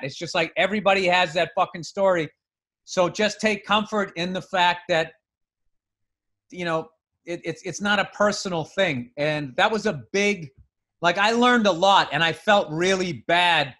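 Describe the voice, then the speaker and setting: A man's voice: high-pitched, moderate pace, bright, forceful tone. A man from the US East Coast co-hosting a podcast, telling a blunt, profane, self-mocking story in casual chat. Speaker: podcast co-host.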